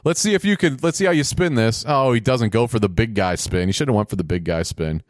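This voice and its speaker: A man's voice: mid-range voice, lively intonation, fast talker, no echo, studio quality. A man giving casual, joking play-by-play commentary while watching a game show, with sarcastic asides.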